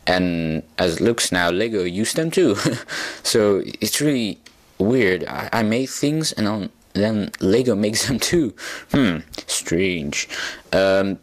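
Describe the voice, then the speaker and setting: A man with a very low voice talks through a casual toy-model review at an unhurried, slow pace. He hesitates a lot, filling gaps with "um" and "uh" and restarting his sentences. He stays chatty and makes fun of himself along the way. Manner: hesitant, many fillers and restarts; self-mocking, chatty.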